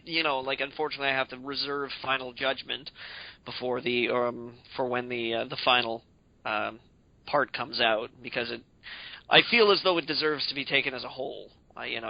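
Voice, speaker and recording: A man's voice: mid-range voice, vocal fry, no echo, muffled recording. A man co-hosting a casual video game podcast, rambling with many fillers and joking rants. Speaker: podcast co-host. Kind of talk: casual chat about video games.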